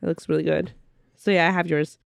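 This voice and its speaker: A woman with a lowish voice co-hosting a casual history podcast, sounding a bit sick. She reads from notes in a chatty way and breaks off to laugh. The close mic is dry, with no room sound. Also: little pitch movement, fairly quick, creaky, no room sound. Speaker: podcast co-host.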